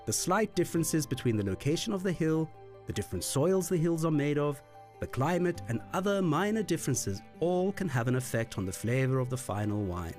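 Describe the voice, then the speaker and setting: Lively male narrator teaching wine. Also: a little high, fairly quick. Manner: lively, expressive delivery with playful put-on accents. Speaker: wine course instructor. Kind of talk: scripted educational narration. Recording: dry voice-over with faint music.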